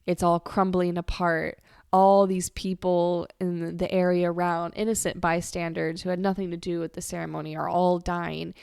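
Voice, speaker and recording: A woman with a lowish, darkish, resonant and clear voice speaks at a moderate pace in a level tone with some vocal fry, recorded dry with clean studio sound. As a podcast host she tells a personal story candidly and confessionally, swearing casually and rambling off on tangents and restarts.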